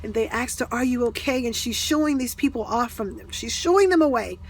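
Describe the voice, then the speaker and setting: A woman's voice: on the high side, lively intonation, moderate pace. A woman earnestly telling a personal spiritual story to her followers, emotional and repeating herself as she goes. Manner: earnest, repetitive, often restarts sentences; emotional, near tears at times. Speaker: spiritual speaker.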